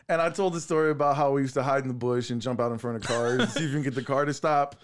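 A man's voice: mid-range voice, fast, slight background noise. A man, co-hosting a casual podcast chat and telling rowdy childhood stories with lots of laughing and swearing. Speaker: podcast co-host.

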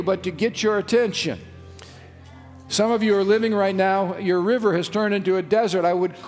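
Male pastor, high voice, emphatic sermon delivery, long church hall reverb. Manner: preaching with emphatic slowed phrases. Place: church sanctuary.

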